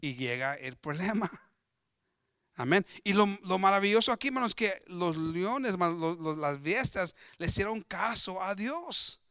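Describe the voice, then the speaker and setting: A man's voice: high voice, lively intonation, normal speed, sharp tone, clean tone, no echo, clean studio sound. A man preaching an emphatic bilingual sermon, switching between Spanish and English and often calling out to his congregation. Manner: emphatic, repetitive, addressing the congregation as brothers.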